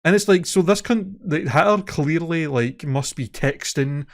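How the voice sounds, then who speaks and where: With a slightly high voice and an unhurried delivery, a podcast co-host relates a story during casual chat. He curses freely once he gets fired up.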